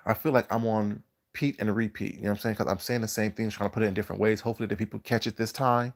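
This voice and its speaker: In this casual live stream, a man speaks in a slightly low, steady voice to his chat, seemingly still half-awake in the early morning. He drags out a preachy lecture and pauses now and then to say hello to viewers.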